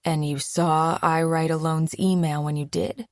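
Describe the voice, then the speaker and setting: A woman's voice: low voice, flat delivery, measured pace, a little mellow, dry recording, studio quality. A woman reading an audiobook, voicing a young adult man who is an easygoing, mildly dismissive boyfriend. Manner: casual, teasing, mildly scoffing. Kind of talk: audiobook character voice.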